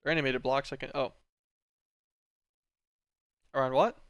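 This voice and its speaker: A man talking through a game stream, thinking aloud as he plays. His commentary is relaxed and rambling, full of little "um"s and "like"s. His voice comes across smooth, with a dry, close sound. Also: medium pitch, a little slow, no room sound.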